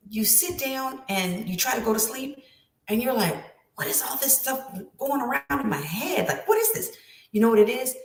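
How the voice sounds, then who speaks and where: A woman's voice: medium pitch, reverberant. A woman writing coach giving an emphatic, preachy motivational talk with lots of repetition.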